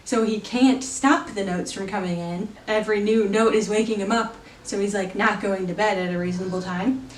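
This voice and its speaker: A woman's voice: medium pitch, steady tone, normal speed, echoey room, far from the mic, a little hiss or hum. A woman giving a casual spoken film review, chatty and full of fillers, laughing now and then. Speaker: movie reviewer.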